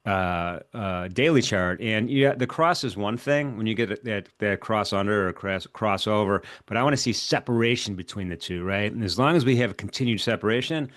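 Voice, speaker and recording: A man with a Chicago accent hosting a trading show, chatting casually and stammering through quick reactions. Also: on the low side, expressive, a bit bright, no room sound, clean studio sound. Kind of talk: casual market talk.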